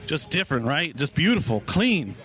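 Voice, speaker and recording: A man's voice: a little high, big pitch swings, moderate pace, over music. A man hosting a walking live stream at an outdoor car show, upbeat and hyping the crowd, a little out of breath.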